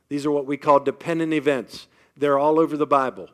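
A man's voice: on the high side, fairly even intonation, brisk, hardly any pauses. A man giving a faith-based motivational talk to a live audience, speaking emphatically and often putting questions to the crowd.

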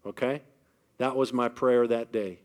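Man, middle-aged, pastor, sermon, storytelling, hushed to loud swings, mid pitch. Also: fairly even intonation, unhurried.

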